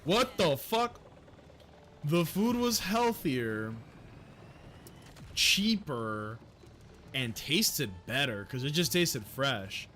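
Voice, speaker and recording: A young American man streams a game and talks through it in a relaxed, unhurried drawl, his voice sitting a little high for a man. He swears freely and jokes around, now and then bursting into loud, excited yelps. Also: slight background noise. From United States. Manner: profane, jokey, loud excited outbursts. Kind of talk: casual gameplay livestream commentary.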